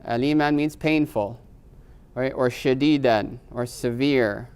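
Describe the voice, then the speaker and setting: A man's voice: mid-range voice, a little slow, a little mellow, smooth. A middle-aged man teaching Arabic grammar in a live class. He explains patiently, moves between English and Arabic terms, and keeps checking in with "right?".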